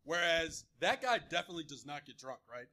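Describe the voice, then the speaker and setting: A man's voice: a little high, big pitch swings, brisk, bright, forceful tone. A man co-hosting a live podcast, rambling through jokes and swearing casually. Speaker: podcast co-host.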